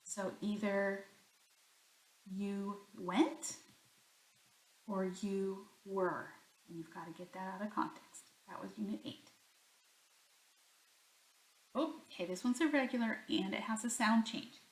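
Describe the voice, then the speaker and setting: A woman's voice: mid-range voice, fairly even intonation, takes it slowly, pauses often. A woman teaching a Spanish grammar lesson, talking herself through each example and answering her own questions. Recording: echoey room.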